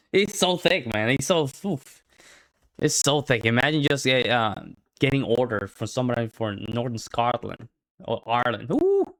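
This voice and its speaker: A man's voice: mid-range voice, measured pace, fairly bright tone. A man from the United States hosting a reaction video, talking in a laid-back, slangy way and calling his listeners man and bro. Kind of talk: casual reaction commentary.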